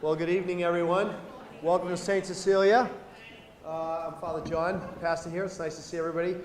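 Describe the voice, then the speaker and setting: A man's voice: high-pitched, flat delivery, a little fast. A man serving as parish pastor welcomes a gathering and introduces panelists in a chatty, rambling, self-joking way, with many fillers. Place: church or parish hall. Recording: long echoey hall reverb.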